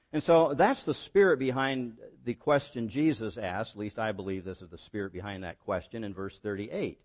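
Lively, expressive male preacher. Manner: expressive preaching, rising on quoted lines and dropping low for emphasis. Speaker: pastor. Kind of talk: sermon.

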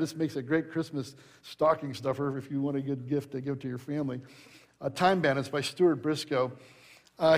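A middle-aged male pastor preaching a sermon, telling anecdotes in a conversational way and rising to emphatic preaching. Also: fairly high pitch.

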